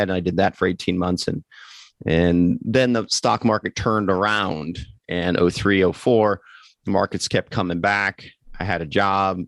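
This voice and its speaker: A man in his forties with a very low voice and a gravelly edge. He tells his story as an interview guest in a loose, rambling way and corrects himself as he goes. The sound is dry and close. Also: no echo. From Pennsylvania. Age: 40s. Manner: rambling, conversational, with self-corrections. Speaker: guest, financial advisor.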